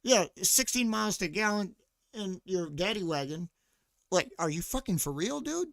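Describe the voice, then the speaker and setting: A man with a high voice rants as a podcast host, swearing freely and mocking his listeners, with filler words everywhere. The sound is dry and close, with no room around it. He also breaks off now and then to answer someone off-mic. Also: very animated, moderate pace, vocal fry, fairly bright tone, no room sound. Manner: profane, mocking rant with frequent fillers; responds to chat or co-host mid-rant. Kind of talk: casual ranting monologue.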